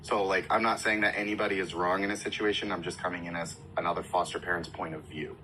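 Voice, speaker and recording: Fast-talking deep-voiced man. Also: flat delivery, bright, forceful tone, slight background noise, poor audio. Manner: fast, earnest, lots of "like". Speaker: foster parent panelist. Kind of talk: casual panel discussion.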